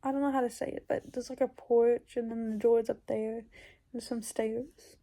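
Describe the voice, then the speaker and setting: Flat in delivery and dark in tone, this woman's voice sits on the high side and moves at a moderate pace. The YouTuber tells of a dream casually and ramblingly, using lots of fillers and now and then slipping into a whisper.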